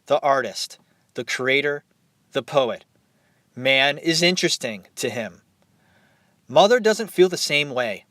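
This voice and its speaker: A young man hosting a podcast, retelling and reacting to a film in a casual, animated way, swearing and laughing as he goes. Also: mid-range voice, slow, long pauses, dry recording, studio quality. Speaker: podcast host.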